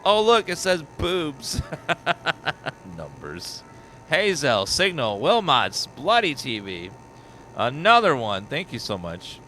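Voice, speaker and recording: A man doing live gameplay commentary on a horror game, excitable and chatty. His bright voice swoops up and down in pitch as he rattles off viewer names. A faint noise sits behind him. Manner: excitable, rapid-fire reading of viewer names. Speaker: game streamer.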